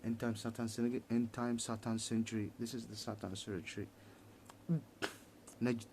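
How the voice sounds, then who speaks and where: A man giving a heated political monologue in halting, repetitive English, restarting his sentences often. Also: mid-range voice, level tone, vocal fry, warm tone, a little hiss or hum.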